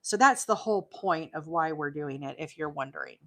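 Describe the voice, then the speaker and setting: A woman with a slightly low voice walks viewers through crochet stitches on a live stream. She talks casually, with plenty of "uh" and "um" as she explains each step. Her voice sounds a little worn after hours on air. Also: lively intonation, normal speed, a bit bright. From Alabama, US. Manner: chatty, explanatory, many fillers. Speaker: crochet livestream host.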